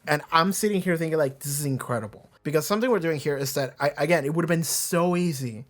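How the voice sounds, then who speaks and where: A man's voice: on the high side, fast talker. A man hosting a reaction video, talking casually and animatedly, rambling with frequent restarts and swearing.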